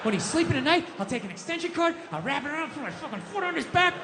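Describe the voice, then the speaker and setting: High-voiced, fast, profane ranting comedian. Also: male voice, very animated, in a large hall, background noise. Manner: ranting, profane, rapid-fire. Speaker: stand-up comedian. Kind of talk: stand-up comedy rant. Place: live comedy stage in a theater.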